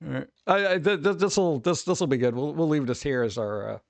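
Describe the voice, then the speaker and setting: Man, streamer, casual rambling chat, joking, gravelly, dry close mic. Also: a little high, no echo. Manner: rambling, joking, puts on quick voices for bits.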